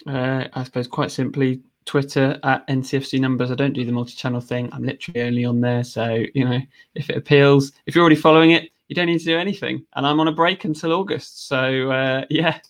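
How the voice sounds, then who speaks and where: A man's voice: medium pitch, fairly even intonation, fast, hardly any pauses. Modest man chatting as a podcast guest. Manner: modest, self-deprecating. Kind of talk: casual podcast chat.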